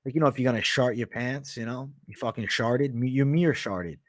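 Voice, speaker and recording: A brash young man with a mixed Boston and New York sounding accent, working through fight picks and betting lines on a live stream. He swears freely, riffs off the chat and keeps the energy up. His voice sits at an ordinary pitch and is recorded close and dry, with almost no room sound. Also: fairly quick, dry recording. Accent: mix of Boston, Canadian and Italian, often heard as New York. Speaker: host of a live MMA betting and predictions show. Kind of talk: live-stream commentary, casual and profane.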